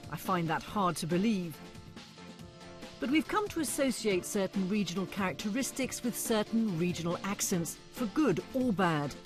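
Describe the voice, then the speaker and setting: A woman presenter with a crisp received pronunciation accent narrates a current affairs documentary. Her pitch moves a lot as she speaks, measured and inquisitive, and faint music sits beneath her. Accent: received pronunciation English. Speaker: television presenter.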